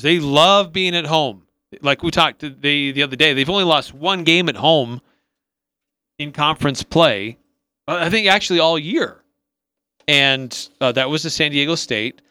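A man's voice: a little high, bright, forceful tone, smooth, no room sound. A man co-hosting a sports talk radio show, upbeat and rattling off team stats with small restarts. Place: radio studio.

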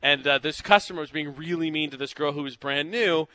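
A man's voice: a little high, a little fast, pushed and bright, no room sound. A young man hosting a morning radio show, telling stories in a joking, chatty way from the studio. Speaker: radio host. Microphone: studio mic.

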